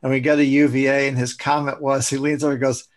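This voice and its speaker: A middle-aged man chatting casually, telling anecdotes in halting, restarting phrases and offering blunt feedback on a demo. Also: mid-range voice, little pitch movement. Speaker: colleague giving feedback on a sales demo. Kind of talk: casual chat.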